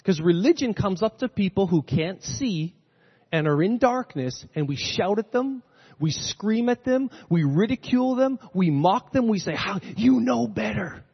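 A man with a high, slightly husky voice preaches from the pulpit, swinging between loud emphatic lines and hushed low ones. The sound is dull and lo-fi, with a long reverb from the sanctuary around him. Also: lively intonation, normal speed. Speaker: pastor. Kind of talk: sermon. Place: church sanctuary. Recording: dull lo-fi recording in a reverberant hall.

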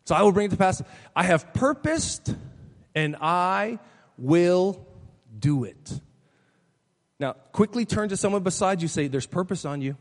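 A man's voice: high-pitched, animated, normal speed, in a large hall. A male pastor preaching a sermon to his church, emphatic and declarative, pressing his points home. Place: church sanctuary.

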